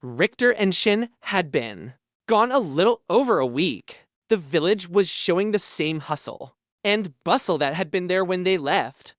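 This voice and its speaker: Guy reading a litrpg audiobook, slow and lively pitch, dead dry booth sound. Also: no echo. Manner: measured, expressive reading. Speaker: audiobook narrator. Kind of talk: scripted audiobook narration.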